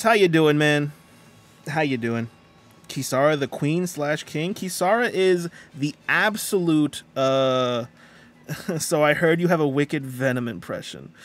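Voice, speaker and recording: Chatty male game streamer, slightly high voice. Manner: chatty, greets viewers and reads chat aloud. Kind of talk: casual live-stream chat.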